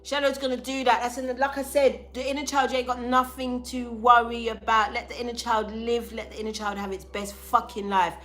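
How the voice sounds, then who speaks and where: A young woman giving a live tarot reading to viewers, loud, profane and animated, with a sore throat. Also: a little high, a little fast, few pauses. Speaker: tarot reader.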